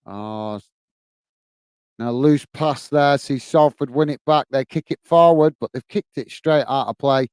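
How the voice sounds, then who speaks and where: A man with a Northern Irish accent hosting a football watch-along stream, giving steady play-by-play and chatting in a friendly way as he reads viewer comments. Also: mid-range voice, unhurried, clean tone, dry recording. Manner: friendly and chatty, often says "mate" while reading viewer comments. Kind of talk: live play-by-play commentary with chat.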